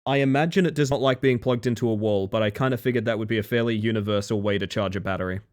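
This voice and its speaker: A man's voice: lowish voice, rapid-fire, darkish tone. A man live-streaming a game, chatting casually and dryly to his viewers with self-mocking asides. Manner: dry, self-mocking, talks to chat.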